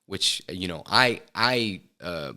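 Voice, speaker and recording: A middle-aged man with a deep yet bright voice talks through his career as a podcast guest. His pitch moves animatedly while he pauses, hedges and restarts his thoughts. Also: lively intonation. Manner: reflective, hesitant with many fillers and restarts. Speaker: filmmaker guest. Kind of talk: casual interview chat. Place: podcast studio.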